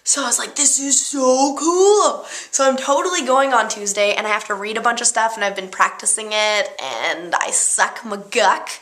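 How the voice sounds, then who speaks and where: This is a young Canadian vlogger with a girlish voice, chatting casually to the camera at home, easily distracted and prone to giggling. Her mid-range voice is sharp and brisk, with hardly any pauses.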